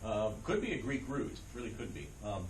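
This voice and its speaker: A man's voice: medium pitch, very animated, brisk, a little hiss or hum. A man giving a church lecture, explaining step by step with frequent ums and uhs and checking that listeners follow. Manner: explanatory, many ums and uhs, asks if it makes sense. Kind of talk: church adult education lecture. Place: church classroom.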